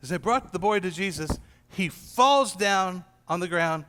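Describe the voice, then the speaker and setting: A man's voice: high voice, expressive, measured pace, a bit bright. A man leading an informal church gathering as pastor, telling a Bible story and acting out the quoted lines. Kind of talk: informal teaching to a small gathering. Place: church room. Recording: long hall reverb.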